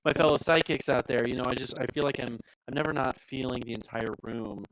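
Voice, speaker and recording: A man's voice: medium pitch, steady tone, fairly quick, dry recording, low-quality recording. Young guy cohosting a stream, joking at himself, dry sound. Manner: playful, self-mocking. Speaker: co-host. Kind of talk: casual live-stream chat.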